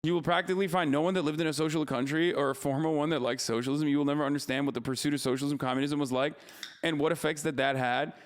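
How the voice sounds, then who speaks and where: Male streamer, 30s, slightly high voice, heated profane reaction rant. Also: fairly even intonation, fast talker.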